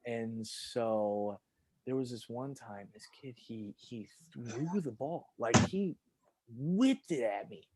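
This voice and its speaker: A man co-hosting a podcast, telling childhood stories in casual chat and jumping high in pitch when quoting himself. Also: slow, heavy background noise. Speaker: podcast co-host.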